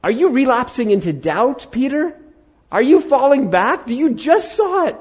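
Man doing a high, sneering, impatient scold; mocking questions, husky, muffled. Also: big pitch swings, moderate pace, heavily acted. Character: impatient, scolding grown man who taunts a doubter.

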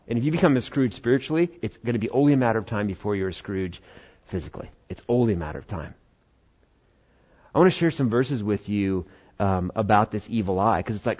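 Conversational American pastor, slightly muffled. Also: male voice, on the low side, darkish tone. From United States. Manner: conversational preaching with quick quoted asides. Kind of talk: sermon.

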